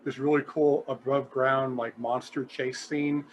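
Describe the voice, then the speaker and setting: A man's voice: medium pitch, little pitch movement, unhurried, a little hiss or hum. A man who is a guest on a podcast, chatting eagerly about a movie and tripping over his words as he gets to his points. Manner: enthusiastic, stammers into his points. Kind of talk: casual movie chat.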